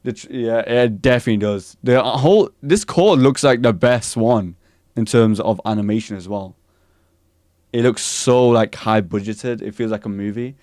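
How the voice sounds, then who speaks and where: A man streaming live, reacting to anime news in excited casual chat and answering his chat. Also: medium pitch, normal speed, no room sound, studio quality.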